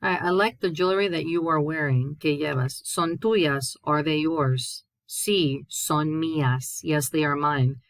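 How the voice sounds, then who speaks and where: Low-voiced woman teaching a Spanish lesson. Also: steady tone, unhurried, hardly any pauses, no room sound. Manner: explains step by step, reads Spanish examples then translates. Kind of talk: recorded classroom lesson.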